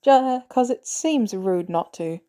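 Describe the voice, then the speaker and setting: A woman voicing a gruff, weary male ex-soldier who talks bluntly and curses often, in a podcast reading of a story. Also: fairly high pitch, animated, takes it slowly, mellow, pitched above the performer's own voice. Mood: wary.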